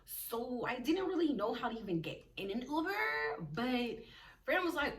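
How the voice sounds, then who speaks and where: A young woman telling a storytime vlog in an animated, slangy way, acting out the quotes of the people in it. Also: a little high, moderate pace, far from the mic. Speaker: vlogger.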